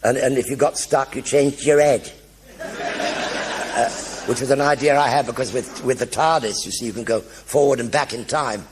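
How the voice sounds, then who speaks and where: An older man telling anecdotes in a one-man stage show before an audience, animated and acting out the voices of everyone in his stories. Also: mid-range voice, normal speed, a little hiss or hum. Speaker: stage performer.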